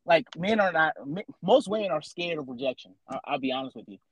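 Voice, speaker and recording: A man's voice: fairly high pitch, animated, fairly quick, slightly rough, rough recording. A man in his thirties on a casual adult chat podcast, teasing a co-host with questions and then explaining his opinions at length. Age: 30s.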